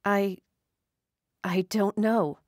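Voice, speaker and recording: A woman voicing a confused older woman who has lost her memory, hesitant and slow. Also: medium pitch, dry recording, studio quality, natural voice. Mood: bewildered. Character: confused older woman, injured amnesiac patient.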